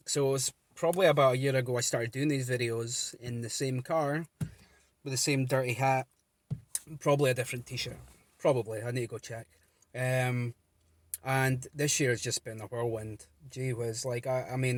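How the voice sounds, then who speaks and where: A man's voice: medium pitch, no room sound. A man talking casually to camera from his car, earnest and rambling, with many ums and restarts. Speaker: vlogger running a gambling support page. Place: inside a car.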